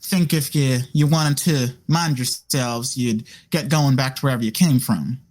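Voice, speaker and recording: A man voicing a gruff, no-nonsense woman sheriff in a tabletop game, blunt and drawling. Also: medium pitch, unhurried, a little mellow, lightly acted. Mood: warning. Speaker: game master.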